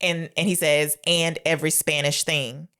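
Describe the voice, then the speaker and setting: A woman's voice: low voice, flat delivery, moderate pace, bright, forceful tone, clear, resonant tone. A young woman co-hosting a casual movie podcast, retelling scenes and acting out the characters' lines. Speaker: podcast co-host. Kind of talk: casual movie review chat.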